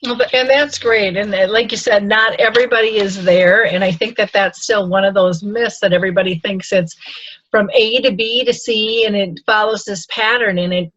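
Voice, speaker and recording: A woman's voice: medium pitch, fairly even intonation, moderate pace, a bit bright, no echo, highs cut off. A middle-aged woman hosting a casual interview, chatty, with many fillers and restarts. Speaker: host.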